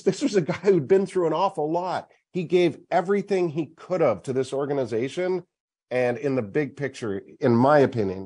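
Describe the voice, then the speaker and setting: A man's voice: medium pitch, a little mellow. Emphatic male sports talk host. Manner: emphatic, argues his point at length.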